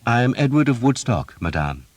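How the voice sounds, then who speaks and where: A man's voice: medium pitch, sing-song, normal speed, dry recording, pitched above the performer's own voice, lightly acted. A man reading an audiobook, voicing a confident young prince who questions people sharply and speaks with courtly manners. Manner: demanding, then gallant.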